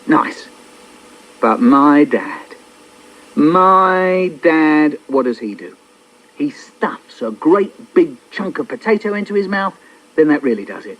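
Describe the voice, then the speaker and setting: A man with a fairly high, breathy-edged voice performs his own poems for children, playful and theatrical, dipping into little character voices. It sounds like a dull old cassette copy.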